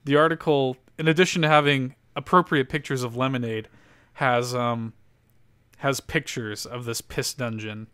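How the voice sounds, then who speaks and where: A man's voice: medium pitch, steady tone, moderate pace, a bit bright, clean tone, no room sound. A man hosting a casual podcast, reading an article aloud with lots of laughter and loose, profane storytelling. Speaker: podcast host.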